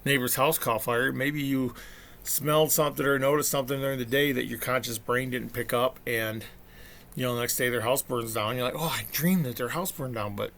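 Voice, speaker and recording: A man's voice: mid-range voice, steady tone, fairly quick, gravelly, a bit bright. A middle-aged man telling a family story in a casual, rambling monologue, acting out what people said. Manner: chatty storyteller, acts out quotes. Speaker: vlogger.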